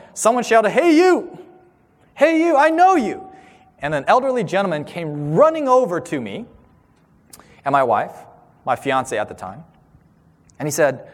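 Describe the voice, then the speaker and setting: A man in his thirties giving a sermon-style talk, telling a personal story with animated, acted-out voices. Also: a little high. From Southern California. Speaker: speaker. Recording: long hall reverb.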